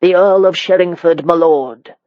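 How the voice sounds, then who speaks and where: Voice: mid-range voice, moderate pace, no echo, muffled recording, close to an everyday voice. A reader voicing a formal, dutiful male butler announcing guests in an audiobook. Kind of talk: audiobook character reading.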